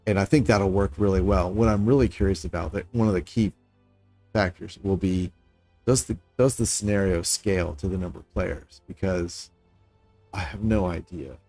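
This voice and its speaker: In a dry recording with faint music underneath, a man's warm, low voice runs at a moderate pace. He's live-streaming a building game, pondering aloud, being self-critical about what he makes and occasionally chatting with viewers.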